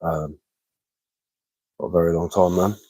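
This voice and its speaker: A man, a little hoarse from being ill, chatting casually on a livestream and answering comments with lots of hesitant fillers and repeated words. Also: deep voice, steady tone, unhurried, mellow, low-quality recording. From England. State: slightly hoarse from illness. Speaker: bushcraft livestreamer.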